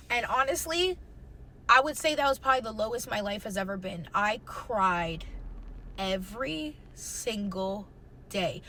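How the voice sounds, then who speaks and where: A woman's voice: mid-range voice, animated, pushed and bright. A young woman telling a personal story in a casual storytime, raw and emotional, swearing heavily and repeating herself. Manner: fast, repeating phrases, slangy.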